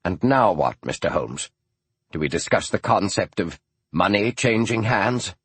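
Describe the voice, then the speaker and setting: A man narrating an audiobook, voicing an older male scholar who speaks softly and sounds strained and guarded. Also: low voice, sing-song, a little slow, breathy edge, dry recording, voice pushed up, full character voice. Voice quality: soft-spoken, tense.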